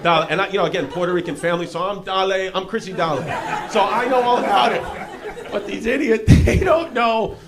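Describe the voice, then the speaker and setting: A man's voice: high voice, brisk. A man doing a stand-up set on a club stage, rambling through stories and bantering with the audience in a self-mocking way. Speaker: stand-up comedian. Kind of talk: stand-up set with crowd work. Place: comedy club stage before a laughing crowd. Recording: live club audio with crowd laughter and noise.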